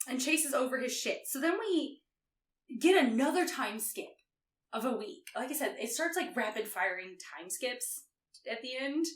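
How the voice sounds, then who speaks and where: A woman guest author recapping a book in casual podcast chat, animated and laughing often as she tells it. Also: sits high, normal speed. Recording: echoey room.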